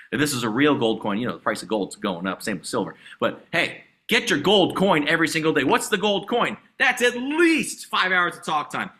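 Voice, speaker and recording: Man, sales coach, video call, pumped-up pep talk, bright forceful voice, slightly high pitch. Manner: energetic, hyped, repetitive exhortations. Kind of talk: motivational sales training talk.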